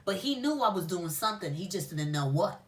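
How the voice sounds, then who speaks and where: A woman telling a casual story about being pulled over, animated and profane, often laughing and acting out the exchange. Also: on the low side, fairly quick, far from the mic. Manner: lively, animated, swearing, with laughs. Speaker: spiritual shop owner and storyteller.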